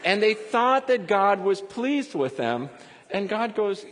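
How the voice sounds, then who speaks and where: A man preaching a sermon in a lively, conversational way, often breaking into quick laughs. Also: high-pitched, in a large hall. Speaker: pastor.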